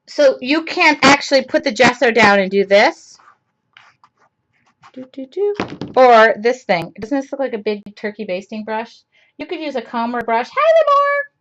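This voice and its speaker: A woman's voice: mid-range voice, muffled recording. A woman hosting a casual live-streamed art lesson, chatting to viewers, greeting them by name and talking to herself as she paints. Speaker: art class host. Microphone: computer mic on a live stream.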